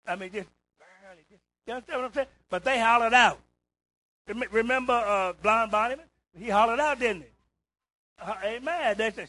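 Male preacher, call-and-response, high, dry and close, builds to shouts. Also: brisk, no room sound, rough recording. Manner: rises to shouts on emphasis, repeats "isn't that right?". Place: church.

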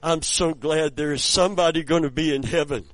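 A man preaching with a voice pitched a little high for a man. He moves from hushed storytelling to loud, fervent exclamations. The sound is close and dry, with almost no room echo. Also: a little fast. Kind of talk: sermon.

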